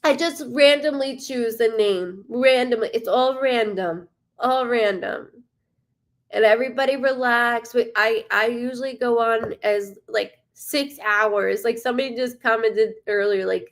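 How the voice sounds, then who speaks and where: A woman's voice: on the high side, unhurried. A woman hosting a live stream as a psychic medium, chatting casually, greeting viewers by name and swearing freely.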